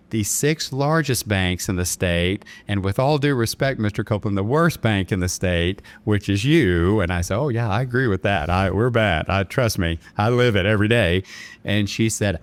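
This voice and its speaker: Lower-voiced man telling a dramatic story. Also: normal speed, clear, resonant tone. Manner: earnest, dramatic retelling with quoted dialogue. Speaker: bank chairman and podcast guest. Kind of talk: storytelling in an interview.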